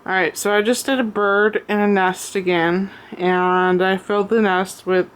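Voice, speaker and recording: Slow, breathless woman showing her craft. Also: mid-range voice, fairly even intonation, smooth. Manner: halting, many ums and pauses. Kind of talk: casual show-and-tell. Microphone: camera on a tripod.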